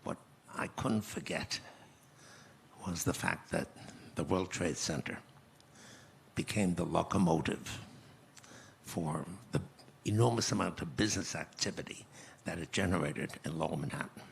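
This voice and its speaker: Gravelly, deep-voiced man in his nineties. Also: slight background noise. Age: 90s. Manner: measured, reflective storytelling with pauses. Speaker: conference guest speaker. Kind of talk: recounting memories on stage. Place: conference stage.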